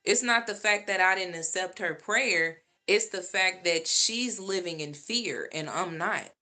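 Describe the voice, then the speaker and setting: A woman vlogger speaks to her viewers in a casual, animated monologue. Her voice sits low, but its tone is bright and edgy. She takes her time and repeats lines for emphasis. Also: measured pace.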